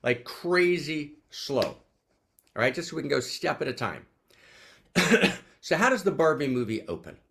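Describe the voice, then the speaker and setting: A man giving an animated spiritual teaching talk over a video call, exuberant and repetitive, often asking "right?". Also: fairly high pitch, brisk, gravelly. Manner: exuberant, repeats questions, peppers talk with "right?". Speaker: teacher leading an online gathering.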